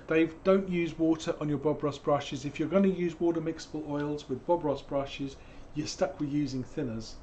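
A hoarse man, teaching painting on a live stream in a chatty, digressive way with jokey asides. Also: on the high side, moderate pace, few pauses, warm tone, highs cut off, a little hiss or hum. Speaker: painting instructor.

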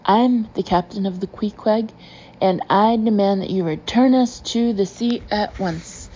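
A woman's voice: medium pitch, measured pace, mellow, lo-fi sound, a little hiss or hum, close to an everyday voice. A woman voicing an indignant young female submarine captain in a storybook reading.

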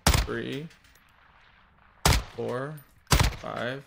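A man's voice: medium pitch, steady tone, very slow, vocal fry. Chatty gamer guy on a noisy mic. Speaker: streamer. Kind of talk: casual gaming chat.

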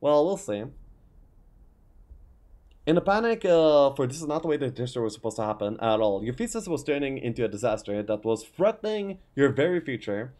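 Lively man reading game story aloud. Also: mid-range voice, quick pace, few pauses. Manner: dramatic read-aloud with frequent "uh" and asides. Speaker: gaming YouTuber reading a map's story. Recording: faint music behind.

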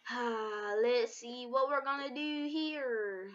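Excitable high-voiced woman taunting in a game. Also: slow pace, hardly any pauses. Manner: taunting, excitable, sing-song trash talk. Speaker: gameplay commentator. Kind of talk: playful game commentary. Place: home. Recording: dull lo-fi home recording.

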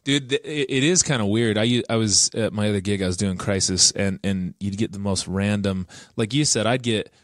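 A man's voice: lowish voice, a little fast, few pauses, dry recording, clean studio sound. A man hosting a social work podcast, casual and joking, laughing often. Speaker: podcast host, social worker. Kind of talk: casual chat.

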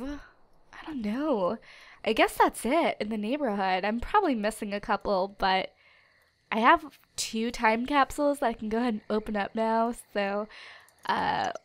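A young woman giving casual, animated commentary on a video game she is playing, with dramatic outbursts. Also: fairly high pitch. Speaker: gaming YouTuber. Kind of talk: casual let's-play commentary.

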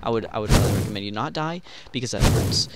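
A man giving excitable gameplay commentary, yelping and trash-talking the other players. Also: on the low side, quick pace, heavy background noise. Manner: excitable, yelps and trash-talks opponents. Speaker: gaming channel host.

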